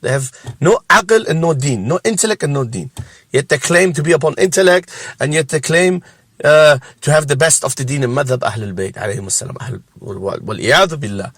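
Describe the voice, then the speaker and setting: A man's voice: fairly high pitch, lively intonation, brisk, fairly bright tone, slightly rough, dry recording. A man hosting a religious reaction show, giving scornful commentary and laughing mockingly between remarks.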